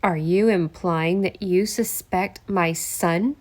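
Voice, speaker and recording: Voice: a woman doing a polished middle-aged congressman, charming on the surface and quick to bristle. Pitch: pushed down into a lower register. Pace: slow and deliberate. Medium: audiobook. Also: natural voice. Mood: suspicious. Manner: charming, then defensive. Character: middle-aged male congressman, smooth but quick-tempered. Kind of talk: audiobook character voice.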